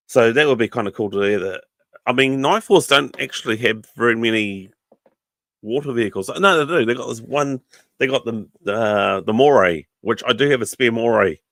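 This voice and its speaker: A man's voice: lowish voice, a bit bright, no echo. A man with a New Zealand accent hosting a casual livestream podcast, rambling with lots of ums and chummy asides to viewers, his throat sore and catching. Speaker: podcast host.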